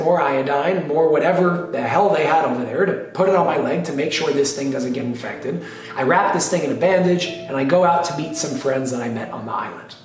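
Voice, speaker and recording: A man with a slightly high voice tells a personal story emphatically and dramatically, repeating phrases for effect. He's recorded off-mic from a distance in a very echoey room, with faint music.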